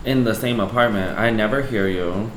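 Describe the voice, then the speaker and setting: A man's voice: on the low side, normal speed, echoey room, slight background noise, rough recording. A man co-hosting a podcast in casual chat, exasperated and chatty, full of "like" and "girl". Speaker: podcast co-host. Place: apartment room.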